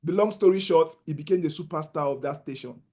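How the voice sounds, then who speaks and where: A man's voice: fairly high pitch, quick pace, dark tone. A man giving a motivational talk as a trading mentor, telling stories and acting out the dialogue, often repeating himself.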